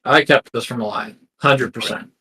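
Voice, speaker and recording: Male player, bright forceful tone, direct and organizing. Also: mid-range voice, moderate pace, a little hiss or hum, poor audio. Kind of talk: tabletop game chat.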